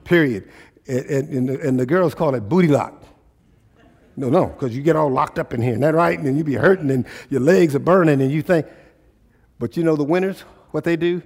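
A man preaching to a congregation, calling out questions and waiting for answers. His voice sits fairly high and climbs into loud, urgent pleading. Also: fairly quick. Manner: call-and-response preaching, rising to loud exhortation. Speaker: pastor. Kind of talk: sermon.

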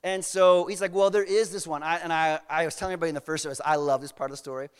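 A man's voice: fairly high pitch, level tone, racing, smooth, big-room sound. A man preaching a sermon, retelling a story casually with slang asides. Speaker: pastor.

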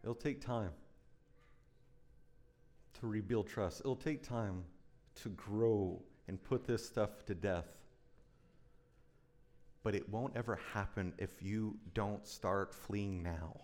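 A man's voice: on the low side, slow pace, long pauses, a little mellow. A man preaching a sermon as pastor, intense and urgent, driving points home with emphatic repetition.

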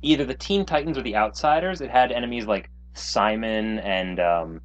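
A man co-hosting a podcast, chatting casually about a cartoon, lively and hesitant with fillers. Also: lowish voice, normal speed, highs cut off. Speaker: podcast co-host. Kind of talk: casual chat reviewing a cartoon.

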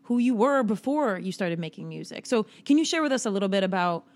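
A woman's voice: mid-range voice, lively intonation, quick pace. A woman hosting a podcast, chatty and asking questions in casual talk. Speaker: podcast host.

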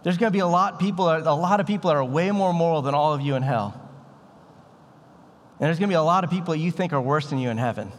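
A man's voice: fairly high pitch, fast, long reverb tail. A man preaching a sermon as a pastor, in a casual, conversational way with bits of slang. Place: church sanctuary.

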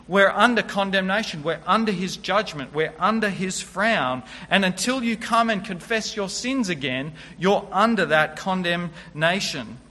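High, bright-voiced man preaching in a reverberant hall. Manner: earnest, emphatic, teaching through scripture verse by verse. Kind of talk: sermon. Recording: long reverb of a large hall.

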